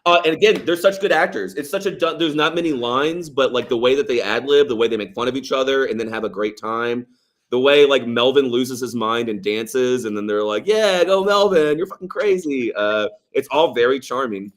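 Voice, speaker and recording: A man's voice: medium pitch, fairly quick. A man co-hosting a casual movie podcast, rambling with lots of fillers, swearing and laughing as he talks. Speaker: podcast co-host.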